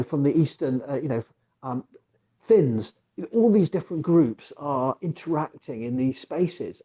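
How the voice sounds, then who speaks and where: A man hosting a casual conversation about the past, talking in rambling, digressive stretches with animated asides. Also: mid-range voice, muffled recording. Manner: mock voices for quoted figures. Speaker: archaeologist podcast host.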